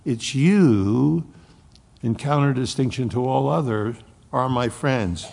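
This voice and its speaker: A man preaching a sermon, swinging from loud emphasis to hushed near-whispers. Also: mid-range voice, normal speed, long reverb tail. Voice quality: gravelly, husky voice. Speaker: pastor.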